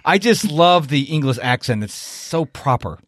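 A man's voice: a little high, big pitch swings, unhurried, fairly bright tone, no echo. Upbeat guy hosting his podcast, voice bouncing all over, dry close sound. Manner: enthusiastic, self-promoting. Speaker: podcast host.

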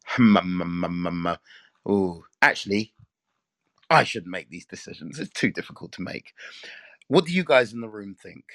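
A man with an English accent hosts a casual live audio room, chatty and rambling as he talks and reads aloud. His voice sits low, with a gravelly edge and a dry, close sound. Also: expressive, moderate pace, fairly bright tone, dry recording. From England.

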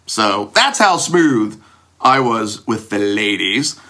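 A man with a bright, forceful voice recounts an embarrassing story about himself. He talks in an animated, self-mocking way and leaps far up in pitch whenever he acts out a line. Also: slow pace. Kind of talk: personal anecdote told to an audience.

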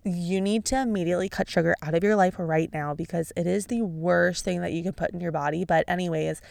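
A woman's voice: steady tone, brisk, gravelly, darkish tone, dry recording. A woman doing a gushing wellness influencer. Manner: breathless, gushing sales pitch.

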